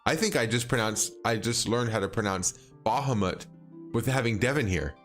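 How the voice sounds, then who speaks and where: A man's voice: mid-range voice, normal speed, fairly bright tone, faint music behind. A man chatting casually with viewers while streaming a game, rambling and hesitant, full of fillers and restarts and frequent chuckles. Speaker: livestreaming game player. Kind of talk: casual gameplay chat with viewers.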